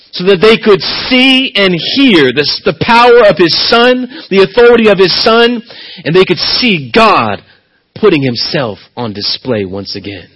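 A man preaching a sermon as pastor, dramatic, often dropping to a hushed, near-whispered voice for emphasis. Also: high voice, a little hiss or hum, poor audio.

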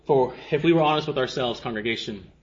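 A man preaching a sermon to a congregation, impassioned and repetitive, swinging from hushed passages to fervent rhetorical questions. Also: mid-range voice, fast, echoey room, muffled recording.

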